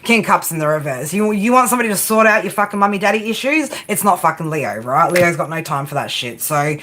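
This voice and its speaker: A woman's voice: on the low side, expressive, fast talker, a bit bright. A woman who gives a casual tarot reading, bluntly and with lots of swearing, who keeps checking in with "right?" and. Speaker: tarot reader. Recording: noisy room with clicks and jangling.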